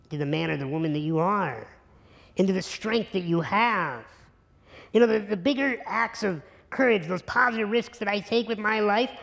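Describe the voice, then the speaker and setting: A man's voice: high-pitched, creaky. A man giving an earnest, emphatic motivational keynote speech in a conference hall. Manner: earnest, emphatic, builds to repetition. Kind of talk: inspirational speech. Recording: reverberant hall.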